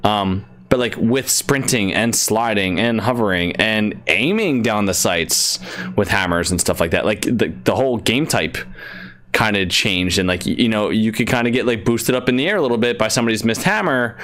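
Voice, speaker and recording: A man's voice: on the low side, normal speed, a bit bright. A man chatting casually on a gaming podcast, rambling with frequent restarts into a desk microphone. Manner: rambling with many restarts, laughs easily. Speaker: podcast co-host.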